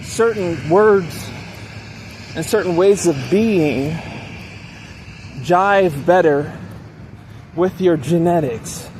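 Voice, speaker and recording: A man delivering a preachy advice monologue to his viewers, often pausing to ask "okay?". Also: sits high, darkish tone, slight background noise. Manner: preachy, repeats "okay?" to check in. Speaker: dating advice channel host.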